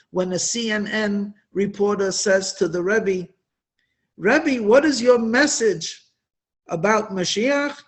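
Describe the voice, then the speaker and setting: At a Hasidic gathering, a man gives an inspirational religious talk, telling stories with emphatic, drawn-out stresses. His voice sits high.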